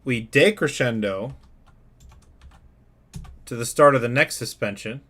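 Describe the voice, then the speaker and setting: A man's voice: mid-range voice, unhurried, sharp tone. Chatty man hosting a composing stream. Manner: chatty, joking, thinking aloud. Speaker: live-stream host composing music. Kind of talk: casual live-stream chat while working. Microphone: USB studio microphone.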